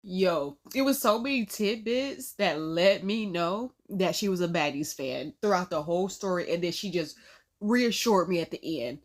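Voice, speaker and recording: Woman host reacting to clips, relaxed and slangy. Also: fairly low pitch, moderate pace. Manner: slangy and offhand. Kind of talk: casual reaction chat.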